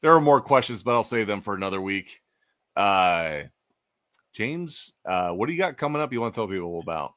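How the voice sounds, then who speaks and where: A man hosting a casual livestream chat, with a very low voice and a bright, forceful edge. He talks in a relaxed, chatty way, trailing off into fillers. The sound is dry and close. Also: normal speed, no echo. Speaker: podcast host.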